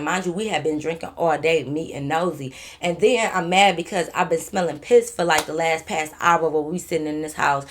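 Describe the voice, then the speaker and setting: Profane, animated young woman telling a story. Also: fairly low pitch. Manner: animated, profane, acts out quoted people. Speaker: storytime vlogger. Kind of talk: casual storytelling to camera.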